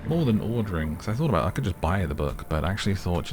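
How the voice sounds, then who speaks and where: Very deep, soft-spoken man. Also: expressive, soft background music. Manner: slow, rambling, gently amused. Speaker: gaming ASMR host. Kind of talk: soft-spoken sleepy gameplay commentary.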